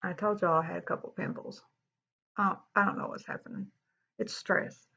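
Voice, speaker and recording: Woman, beauty vlogger, candid chatty tutorial, gravelly voice, muffled recording. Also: on the low side, fairly even intonation, brisk, bright, forceful tone. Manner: chatty, candid, says y'all a lot. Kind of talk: casual makeup tutorial chat. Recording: dull lo-fi sound.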